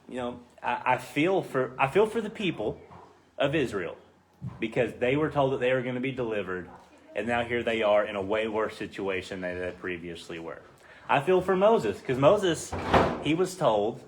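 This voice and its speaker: A man leading a casual Bible study, acting out the quoted voices with rising pitch. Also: animated, moderate pace, slight background noise.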